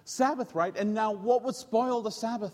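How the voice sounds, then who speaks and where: A man, a pastor telling a story in a sermon, animated and joking with his congregation. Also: sits high, normal speed, big-room sound. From England. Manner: animated, jokey, quizzes the audience.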